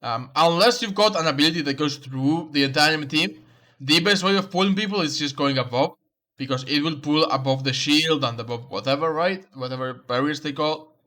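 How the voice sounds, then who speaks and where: Bright-voiced man coaching a game replay. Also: on the high side, brisk. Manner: instructive, repeats key advice. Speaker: game coach reviewing a match. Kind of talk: coaching commentary over gameplay.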